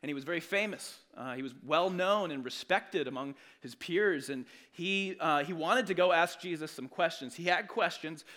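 A man's voice: on the high side, sharp tone. A man preaching a sermon as a pastor, conversational and earnest, with frequent restarts.

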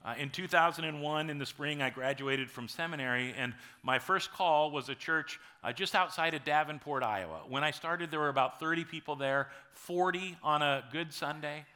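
Pastor guy in his 40s preaching, chatty storytelling, bright voice, a bit high. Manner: storytelling, conversational preaching with dramatic pauses. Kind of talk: sermon.

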